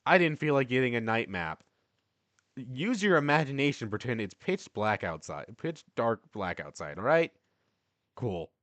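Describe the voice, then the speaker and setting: A man's voice: medium pitch, sing-song, moderate pace, fairly bright tone, dry recording. A man narrating a tabletop game as game master, in a loose, casual and self-deprecating way.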